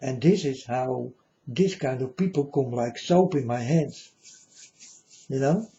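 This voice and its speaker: A man's voice: medium pitch, takes it slowly, mellow, lo-fi sound. A man speaking in a rambling, profane monologue, often adding "you know", with non-native English grammar. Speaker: self-styled spiritual speaker. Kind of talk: casual spoken monologue.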